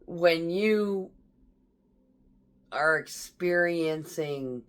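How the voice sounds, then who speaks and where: A woman's voice: on the low side, drawn-out words, clear, resonant tone. A woman military veteran telling stories from her tours in a blunt, profane, casual way, laughing through tense memories. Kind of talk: casual storytelling.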